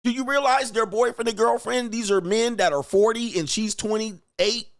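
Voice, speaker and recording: A man ranting casually on a livestream, animated and emphatic, laughing and repeating himself for emphasis. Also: very high-pitched, moderate pace. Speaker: dating commentary streamer.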